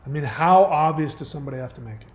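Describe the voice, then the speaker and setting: A man speaking in a fairly high voice, blunt and emphatic. He mixes pointed commentary with personal stories. The sound has a roomy echo around it. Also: expressive, very fast. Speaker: host. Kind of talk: commentary on a viewer's message.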